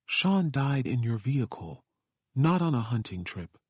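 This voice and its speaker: A man's voice: mid-range voice, sing-song, a little slow, husky, dry recording, muffled recording, pitched above the performer's own voice. A man voicing a wary male detective in an audiobook, asking skeptical, probing questions.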